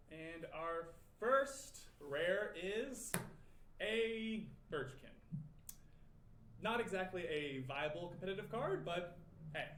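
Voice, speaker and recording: A man's voice: high-pitched, pushed and bright, slight background noise, heavily acted. An actor playing a hyped male card-pack-opening video host in a game clip, with gushing, salesy patter. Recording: echoey room with faint ambience.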